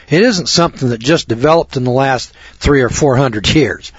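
A man's voice: mid-range voice, moderate pace, hardly any pauses, slightly rough, no echo. A middle-aged man hosting a radio talk show, lecturing in a blunt, rambling, preachy way. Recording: dull lo-fi radio recording.

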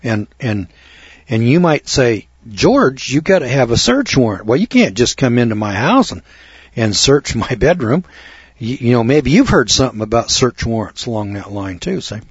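A man's voice: medium pitch, big pitch swings, moderate pace, slightly rough, no room sound. A middle-aged man telling a rambling, self-mocking story to an audience, repeating words as he goes. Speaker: speaker addressing an audience. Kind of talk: folksy storytelling lecture. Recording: dull muffled dry recording.

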